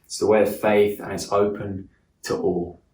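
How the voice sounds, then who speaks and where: A man preaching a sermon in an earnest way, slowing down and softening his voice for emphasis. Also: on the low side, level tone, a little hiss or hum. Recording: echoey room from a distance.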